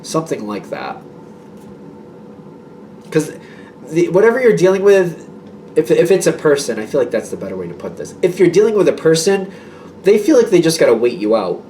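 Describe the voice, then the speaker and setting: A man's voice: fairly high pitch, sing-song, moderate pace, pauses often, dark tone, recorded from a distance, slight background noise. A man giving a casual tarot reading to his viewers, rambling and reassuring, with many fillers and restarts. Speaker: tarot reader.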